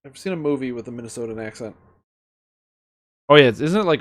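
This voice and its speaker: A man's voice: mid-range voice, fast talker, long pauses. A young man streaming a video game at home, giving casual commentary with sarcastic, profane rants. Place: apartment.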